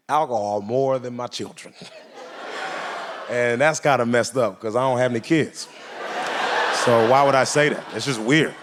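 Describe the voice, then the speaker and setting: On stage at a live comedy venue with an audience, a young man performs stand-up, animatedly telling stories and voicing the people in them. His voice is a little high, and the recording carries a slight hiss or hum.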